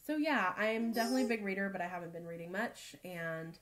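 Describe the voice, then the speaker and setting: A woman's voice: mid-range voice, fast talker, fairly bright tone. A woman hosting a casual crafting podcast from home, chatting and laughing often. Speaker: podcast host. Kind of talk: casual chat.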